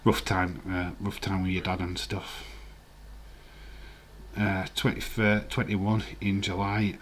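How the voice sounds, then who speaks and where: A man in his forties chats through a live stream, reading viewer comments aloud. His voice sits low and he drawls slowly, with a laid-back, rambling manner. A faint hiss runs underneath. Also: little pitch movement. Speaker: streamer hosting a live watch-along.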